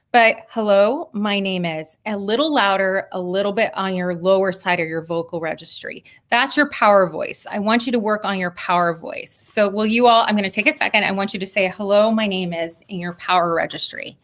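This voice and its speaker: A woman giving a lively workshop talk over a video call, coaching and laughing often. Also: mid-range voice, fairly quick. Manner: talks of thousands of hours on video calls. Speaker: speaker on persuasion.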